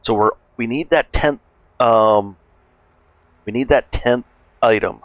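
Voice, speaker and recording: A man casually narrating a gameplay walkthrough as a gaming guide host, relaxed and chatty, thinking aloud with fillers. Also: medium pitch, takes it slowly, no echo, muffled recording.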